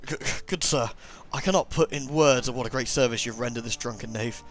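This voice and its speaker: A man's voice: medium pitch, fairly quick, a bit bright, soft background music, lightly acted. A man voicing an elderly, sentimental drunken sailor with theatrical, old-fashioned speech in a comedy accent. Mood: tender, grateful. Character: elderly male drunken sailor, sentimental about his lost ship. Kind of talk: comedy voice in a game playthrough.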